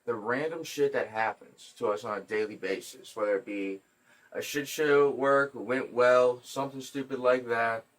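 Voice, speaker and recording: A man's voice: medium pitch, normal speed, far from the mic. A man hosting a podcast, telling stories in a casual, profane, joking way. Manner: profane, joking, animated storyteller. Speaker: podcast host. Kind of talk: casual storytelling chat.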